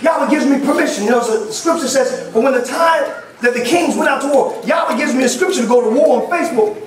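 Excitable high-pitched male preacher, recorded from a distance in a very echoey hall. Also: fast, a faint crowd. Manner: excitable, laughs often, calls on the congregation. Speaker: bishop, preacher. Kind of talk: sermon. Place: church hall.

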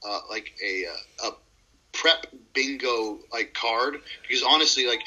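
A man's voice: mid-range voice, a little slow, bright, forceful tone, breathy edge, lo-fi sound. A man co-hosting a casual podcast, laughing often and hesitating with fillers. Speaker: podcast co-host.

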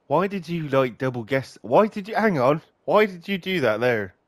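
A man's voice: a little high, very animated, normal speed, no echo. A man rambling and joking as he commentates a video game, swearing and laughing often. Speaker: gaming channel host. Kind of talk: let's play commentary.

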